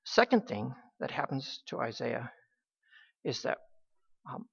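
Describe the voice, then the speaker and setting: A woman preaching a sermon in a halting, emphatic way, with many restarts. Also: a bass voice, very animated, gravelly, breathy edge. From United States. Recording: dull lo-fi recording.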